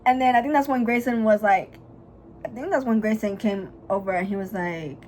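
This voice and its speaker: A young woman vlogger chatting casually while doing her makeup, retelling a story in a gossipy, profane, dramatic way and bursting into loud, high laughs. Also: fairly quick, slight background noise, low-quality recording.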